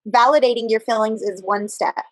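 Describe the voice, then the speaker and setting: A woman's voice: fairly high pitch, a little fast, fairly bright tone, no echo, poor audio. A woman in a book club discussion, speaking in an earnest, reflective way. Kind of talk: casual group discussion.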